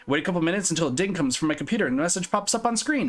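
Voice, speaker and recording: A young man reads game narration on his stream, his slightly raised voice lively and full of swings. He is playful and jokey, commenting as he goes. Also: fairly high pitch, racing, hardly any pauses, soft background music. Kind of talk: reading a visual novel aloud while streaming.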